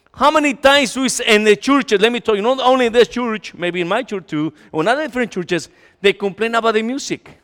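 Lively high-voiced preacher in a church hall. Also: male voice, clear, resonant tone. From Latin America. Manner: animated, jokey, acts out complainers, mixes in Spanish. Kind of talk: sermon.

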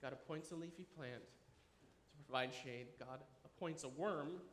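A man in his thirties preaching a sermon, animated and enthusiastic, dropping at times to a quiet, earnest tone. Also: on the high side, unhurried, a little hiss or hum. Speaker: pastor. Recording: echoey room with faint ambience.

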